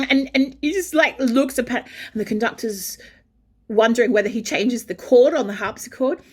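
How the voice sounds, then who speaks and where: A woman, an opera singer, telling a backstage anecdote in an animated way and breaking into sung phrases. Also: fairly high pitch, moderate pace. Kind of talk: storytelling anecdote.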